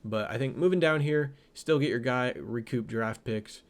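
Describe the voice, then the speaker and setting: A man's voice: mid-range voice, normal speed. Young male host, casual draft breakdown, rambling and self-correcting, laughs at his own jokes. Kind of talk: casual mock draft commentary.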